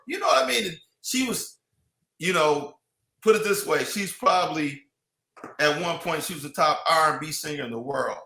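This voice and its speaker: Bright, high-ish man rambling in an echoey room. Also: animated, normal speed, vocal fry. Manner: rambling, lots of restarts and "you know". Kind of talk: casual chat.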